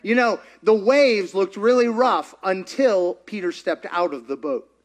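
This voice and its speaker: A man preaching a sermon, telling a story in an animated, chatty way and laughing often. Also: sits high, unhurried. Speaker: pastor.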